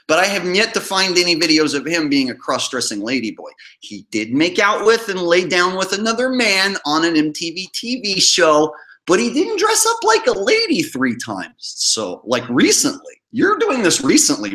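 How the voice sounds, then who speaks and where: A mocking man talks over another creator's clip in sarcastic reaction commentary. His voice is bright and somewhat high for a man. He laughs often as he jeers. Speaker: host.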